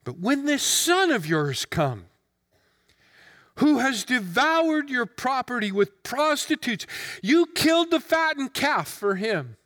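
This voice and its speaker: A man's voice: extremely high pitch, very animated, takes it slowly, fairly bright tone, exaggerated voice. A man reading the lines of a resentful, dutiful elder son, in a bitter, complaining manner. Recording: long hall reverb.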